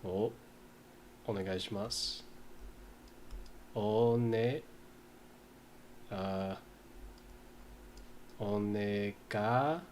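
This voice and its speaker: A man in a casual study session, reading lines aloud slowly and mumbling as he writes and sounds out words. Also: fairly low pitch, a little mellow, a little hiss or hum. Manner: slow, mumbling while writing, sounds out words. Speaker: language learner.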